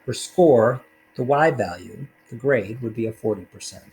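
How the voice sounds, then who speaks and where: A man's voice: mid-range voice, moderate pace, darkish tone, a little hiss or hum, rough recording. A man teaching a recorded math lesson, talking casually through worked problems with fillers along the way.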